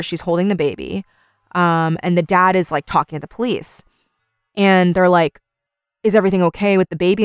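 A woman's voice: on the low side, smooth, dry recording, studio quality. A woman co-hosting a podcast, retelling a story in casual chat and acting out each character's lines. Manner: retells scenes by acting out quotes with "he's like". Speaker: podcast co-host.

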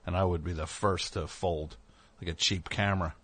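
A man's voice: deep voice, fairly even intonation, normal speed, a bit bright, breathy edge. A man hosting a comedic talk show, riffing in a rambling, sarcastic way with plenty of fillers. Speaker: host.

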